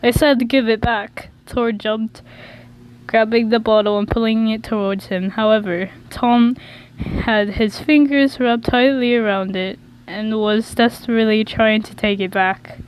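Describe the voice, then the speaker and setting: Slow, stumbling woman reading aloud. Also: a little high, fairly even intonation, clear, resonant tone, poor audio. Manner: stumbling, self-correcting. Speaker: reader. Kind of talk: reading a fan story aloud.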